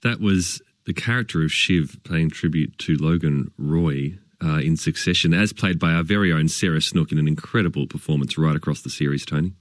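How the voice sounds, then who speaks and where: A man hosting a casual radio chat in a relaxed, wry manner. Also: a bass voice, fairly quick, few pauses, no room sound. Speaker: radio host.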